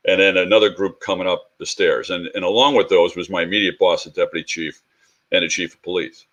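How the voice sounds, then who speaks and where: Middle-aged male police instructor, lowish voice, animated panel storyteller. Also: fairly quick. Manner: animated storyteller who acts out quoted dialogue. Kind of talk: recounting a personal story on a panel.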